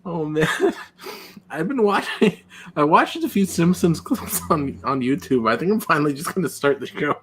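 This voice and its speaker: A man co-hosting a podcast in casual chat, giggly and excitable. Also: a little high, moderate pace, slight background noise.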